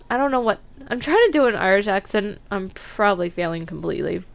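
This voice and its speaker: A woman's voice: a little high, animated, unhurried, vocal fry. A woman streamer chatting casually and laughing at herself while playing a horse-riding game. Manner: chatty, giggly, self-deprecating. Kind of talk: casual gameplay commentary.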